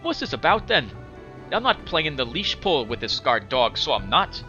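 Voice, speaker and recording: A sharp-tongued young half-demon woman with a tail, all scorn and a rough brogue, voiced by a man in a higher pitch. The voice is bright and swings lively up and down. It sounds a little dull, with faint game music behind. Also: normal speed. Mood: scornful.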